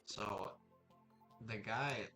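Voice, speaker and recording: Low-voiced man telling a story. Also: extremely slow, gravelly, pushed and bright. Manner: rambling, with fillers and restarts. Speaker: vlogger. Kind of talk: casual storytelling. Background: music.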